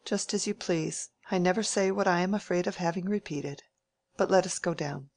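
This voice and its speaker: Woman reader voicing a blunt, dry-witted young woman from a period storybook, in a low voice. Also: moderate pace, creaky, a little mellow. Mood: dry, frank. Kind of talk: audiobook character reading.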